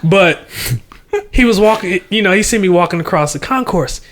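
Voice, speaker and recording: Podcast guest: young man, high-pitched, animated, laughs a lot, salty slang. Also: moderate pace, a crowd in the background. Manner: animated storyteller, laughs often, slangy and profane. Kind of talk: casual chat.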